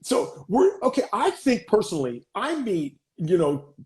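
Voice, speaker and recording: A high, lively male voice, swooping up and down as he gushes and stumbles over his own questions. He sounds like a podcast host recorded in a roomy space with echo around him. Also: unhurried. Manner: excitable, starts and restarts questions. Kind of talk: casual interview chat.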